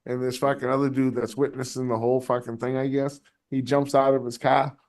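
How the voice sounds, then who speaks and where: A man hosting a live stream, chatting casually and telling animated stories, swearing constantly. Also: mid-range voice, fairly quick, hardly any pauses. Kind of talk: casual chat, storytelling.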